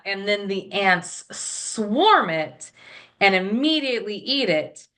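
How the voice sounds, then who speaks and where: A woman chatting casually about a film, animated and acting out scenes as she retells them. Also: medium pitch, normal speed. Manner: animated, acts out characters in quotes. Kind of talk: casual movie review chat.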